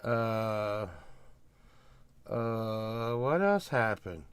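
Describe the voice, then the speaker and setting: A man's voice: fairly low pitch, expressive, very slow, clear, resonant tone, dry recording. Rambling man, dry close mic. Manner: rambling, grumbling, gets loud and worked up when ranting. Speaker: podcast host. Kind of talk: casual chat.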